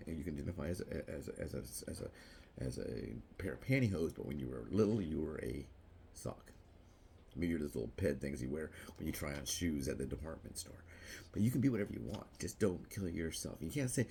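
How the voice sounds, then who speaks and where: Gravelly low-voiced man ranting. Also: darkish tone, a little hiss or hum. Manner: mocking, jumps to shrill squeals; laughs at his own jokes. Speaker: vlogger. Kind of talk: rambling political vlog monologue.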